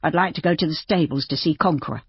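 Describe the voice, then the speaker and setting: A bitter, despairing young man with a low, husky voice, voiced by a woman narrator. He speaks slowly and flatly, and the recording sounds dry and a little dull. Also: no room sound, heavily acted. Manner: slow, flat and weary.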